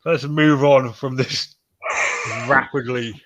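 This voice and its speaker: Male podcast host, upbeat banter, bright crisp voice. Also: mid-range voice, steady tone, slow pace. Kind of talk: casual chat.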